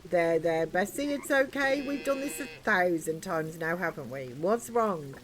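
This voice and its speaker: A woman voicing a gentle, folksy old male rancher in a farming game. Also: lowish voice, lively intonation, unhurried.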